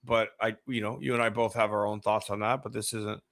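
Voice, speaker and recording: Man, southern us accent, gravelly voice, blunt profane podcast banter. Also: fairly low pitch, little pitch movement, brisk, fairly bright tone. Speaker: podcast co-host. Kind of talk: casual chat.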